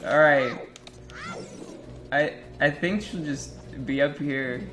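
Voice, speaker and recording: A man's voice: fairly high pitch, slow, fairly bright tone, soft background music. A man streaming a game live, joking crudely with his chat and swearing often. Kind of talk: live-stream gameplay commentary.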